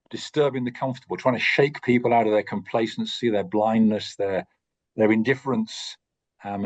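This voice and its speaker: A man teaching a course on preaching, speaking in a thoughtful, measured way with frequent pauses and restarts. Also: fairly low pitch, darkish tone. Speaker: course tutor.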